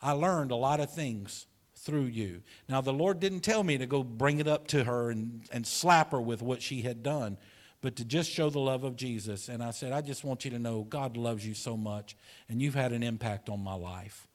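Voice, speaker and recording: A man who is a pastor, preaching a sermon in church, telling a personal story earnestly, with repeated words and soft, tender passages. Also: medium pitch, moderate pace. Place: church sanctuary.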